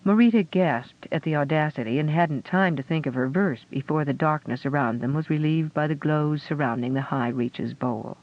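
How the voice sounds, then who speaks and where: A man narrating a fantasy audiobook with a steady storytelling delivery. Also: a little high, normal speed, hardly any pauses. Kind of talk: scripted narration. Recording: dull lo-fi audio.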